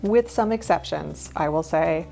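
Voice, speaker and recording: A woman in her thirties, chatty and candid, lists the things she no longer buys in a relaxed vlog. Her voice sits fairly low, with quick asides and little laughs, and faint music plays underneath. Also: gravelly. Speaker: minimalist lifestyle vlogger. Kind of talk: casual talking-head vlog.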